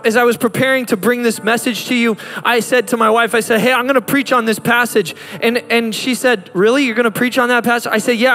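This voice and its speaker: A man's voice: sits high, fairly bright tone. A man in his thirties, a pastor preaching a sermon with impassioned delivery that climbs to fervent peaks. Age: 30s. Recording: reverberant hall with music behind.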